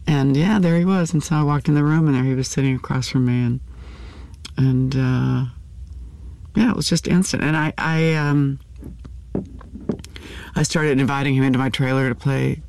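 An older actress speaking candidly in an interview, with halting restarts and fillers. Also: female voice, rumbling low, steady tone, darkish tone. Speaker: actor, interview guest.

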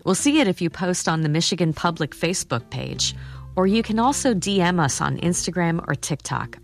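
A woman radio host with a fairly low voice closes out an interview. She reads the listener announcements in a measured, composed manner. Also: lively intonation, soft background music.

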